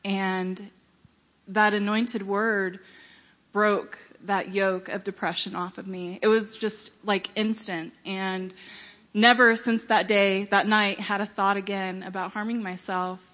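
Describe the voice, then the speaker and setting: A woman telling a personal testimony to a congregation, earnest and unhurried, with many fillers and pauses. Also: mid-range voice, flat delivery, a bit bright, dull audio. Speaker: church member giving a testimony.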